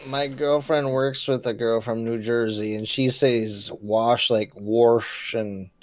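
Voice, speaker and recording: A man's voice: mid-range voice, steady tone, no room sound, clean studio sound. A man chatting casually as a guest on a gaming stream, swearing and answering in short bursts. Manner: laid-back, swears, quick short replies. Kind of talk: casual chat.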